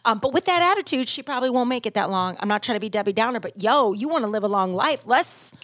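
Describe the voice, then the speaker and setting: A woman hosting a podcast in casual chat, bubbly and animated, swearing freely. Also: fairly high pitch, fast talker, no echo, studio quality. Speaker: podcast host.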